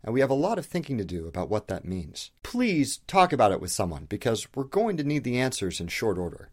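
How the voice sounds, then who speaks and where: A man's voice: mid-range voice, big pitch swings, fairly quick. A man hosting an educational video, delivering a scripted explainer with emphatic, rhetorical questions and casual asides. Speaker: host of an educational video channel.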